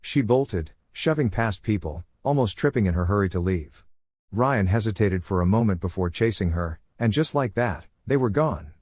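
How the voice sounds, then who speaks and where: A man narrating a first-person drama story in a calm, cool tone. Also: on the low side, normal speed, breathy edge, dry recording, clean studio sound.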